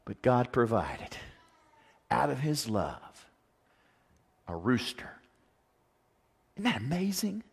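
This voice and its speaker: A man preaching a sermon, animated, asking rhetorical questions and acting out the quotes he tells. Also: medium pitch, slow, creaky, long pauses, breathy edge. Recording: long reverb of a large hall.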